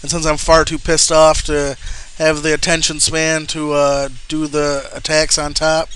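Young male let's-play commentator, slightly high, bright and forceful tone, casual and easily irritated. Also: monotone, unhurried, clean tone. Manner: frustrated, swearing outbursts at the game.

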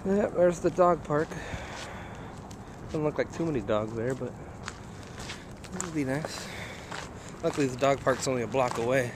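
A man's voice: mid-range voice, moderate pace, pauses often. A young man narrating a casual outdoor vlog while walking his dog to a park. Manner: chatty, narrating a walk, calling to his dog. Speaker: vlogger. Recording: outdoor noise, open air.

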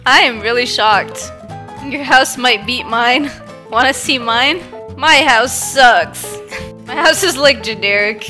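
Giggly high-voiced young woman gamer. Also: bright, forceful tone. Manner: giggly, chatty, laughs often. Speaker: gaming YouTuber. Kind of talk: playing a game on camera, chatting with other players. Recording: game music faintly behind.

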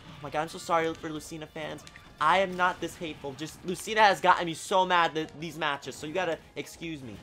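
A man giving live gameplay commentary, excitable and exasperated, breaking into sudden shouts. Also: on the high side, moderate pace, faint music behind. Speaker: gaming video creator.

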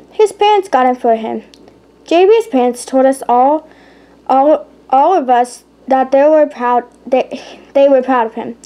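A woman reads a children's storybook aloud at a slow, deliberate pace. Her voice sits high, and she stumbles and backs up to fix words as she goes. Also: warm tone. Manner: slow careful reading with stumbles and self-corrections. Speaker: channel host. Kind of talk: reading a children's book aloud.

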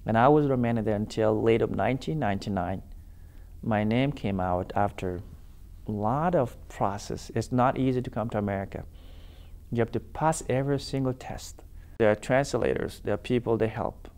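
A man in his thirties from Sudan, telling his story as a guest in a deliberate, halting way. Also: lowish voice, a little mellow. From South Sudan. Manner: deliberate, halting, with pauses and filler sounds. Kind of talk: interview storytelling.

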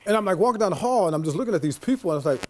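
A man giving a lecture as an animated storyteller, acting out the voices of the people in his anecdote. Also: high voice, very fast. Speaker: guest lecturer.

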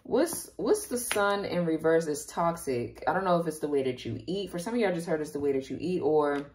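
Low-voiced woman giving a casual tarot reading. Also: lively intonation, a little fast, darkish tone. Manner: chatty, emotional, talks straight to viewers. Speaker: tarot reader.

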